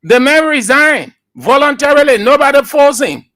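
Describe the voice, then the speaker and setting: A man's voice: very high-pitched, moderate pace. A man with a Liberian accent hosting a call-in radio talk show, arguing back firmly with callers. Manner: lively, laughing, argues back firmly.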